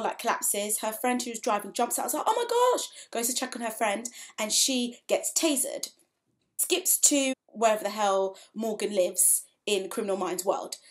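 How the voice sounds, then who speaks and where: A young woman giving a casual spoken review of a TV episode, chatty and frank, with playful asides and lots of fillers. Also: mid-range voice.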